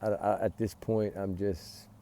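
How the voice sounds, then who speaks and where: Gravelly, heated man ranting. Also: lowish voice, steady tone, unhurried, mellow. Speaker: true-crime vlogger. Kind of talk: casual commentary. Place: outdoors by a fire pit at night.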